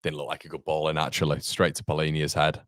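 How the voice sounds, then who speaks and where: A man's voice: rumbling low, completely flat delivery, quick pace, fairly bright tone, no room sound, studio quality. A man hosting a fan watchalong, calling the match live play by play and answering viewer chat, with partisan exasperation. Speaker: fan channel host.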